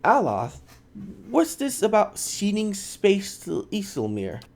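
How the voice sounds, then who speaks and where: A man reading a calm hero asking questions. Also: high voice, slow, vocal fry, pitched above the performer's own voice, heavily acted. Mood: questioning.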